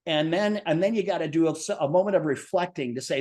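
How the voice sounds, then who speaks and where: A man speaks as an interview guest, his voice a touch higher than usual. He talks in an earnest, reflective way and now and then stumbles and restarts mid-word. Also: fast, darkish tone. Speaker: podcast guest, franchise businessman. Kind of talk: conversational interview answers.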